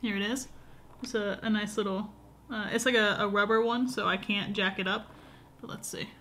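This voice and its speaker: A woman's voice: medium pitch, steady tone, moderate pace, fairly bright tone, a little hiss or hum. A young woman vlogging at home, talking casually to a camera on a tripod in a rambling, chatty way with lots of fillers. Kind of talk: casual vlog chat. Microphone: camera on a short tripod.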